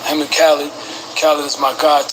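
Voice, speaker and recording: A man talks as a guest in a replayed podcast interview, measured and halting. His voice sits fairly high for a man. A steady hiss runs under the clip.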